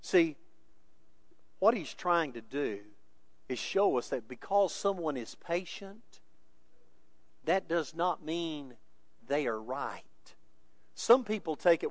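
A male pastor preaching a sermon with emphasis, moving between quiet asides and raised, insistent points. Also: a little high, big pitch swings, unhurried, pauses often, dry recording.

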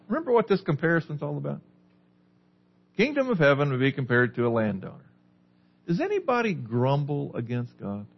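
A man's voice: medium pitch, lo-fi sound. A man preaching a sermon as a pastor, teaching a small group with questions in a conversational way. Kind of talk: sermon, Bible study.

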